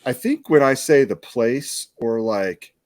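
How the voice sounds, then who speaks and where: A man's voice: medium pitch, animated, slow, darkish tone. Chatty man reviewing soda. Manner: chatty, laughs often, rambling explanations. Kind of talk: casual chat.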